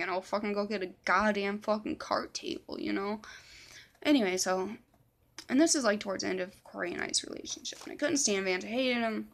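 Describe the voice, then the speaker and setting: A young woman telling a personal story in a casual, rambling vlog, swearing often, using many fillers and dropping to a whisper for quoted lines. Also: mid-range voice. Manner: rambling, profane, full of fillers. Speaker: vlogger.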